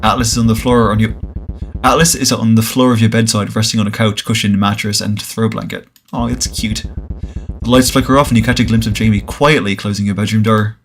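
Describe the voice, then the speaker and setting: A man's voice: lowish voice, fairly even intonation, brisk. A man playing a visual novel, reading its text aloud with jokey, casual asides. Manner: casual, jokey asides between read lines. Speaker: game streamer.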